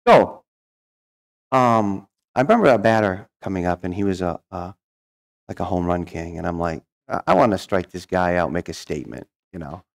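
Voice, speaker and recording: A man's voice: deep voice, animated, normal speed, vocal fry. A middle-aged man telling his life story as a guest speaker, folksy and humorous, acting out the voices of people he quotes. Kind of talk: storytelling testimony.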